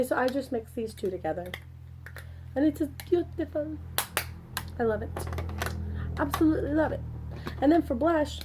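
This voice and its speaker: Woman vlogging her makeup, kinda high mellow voice, rambly and chatty. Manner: chatty and rambling, with asides and slang. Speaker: beauty vlogger. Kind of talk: casual makeup chat to camera. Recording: faint background noise.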